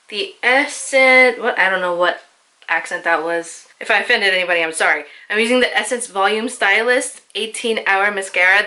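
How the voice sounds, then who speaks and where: A young woman beauty vlogger talks through her makeup routine in a casual tutorial voice-over. Her medium-pitched voice is bright and forceful, and she chats away with plenty of "like" and jokes about herself.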